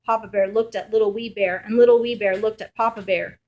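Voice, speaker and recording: A woman reads a children's picture book aloud at a brisk clip, her medium-pitched voice expressive and playful as she tells the story.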